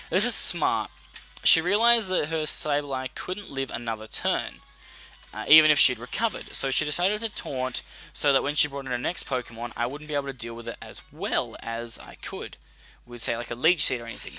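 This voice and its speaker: Young aussie guy doing game commentary, super bright voice, sweary and animated. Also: a little high. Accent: Australian. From Australia. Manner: animated, profane, self-correcting. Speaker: YouTuber. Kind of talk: casual battle commentary. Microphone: desk mic.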